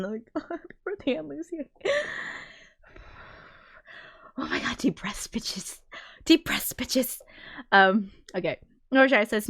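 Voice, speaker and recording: A woman's voice: on the low side, no echo, clean studio sound. A woman livestreamer chatting casually and emotionally, reading viewer comments, full of fillers and frank swearing. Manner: rambling and emotional, with many fillers and frequent swearing. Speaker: livestreamer and film composer.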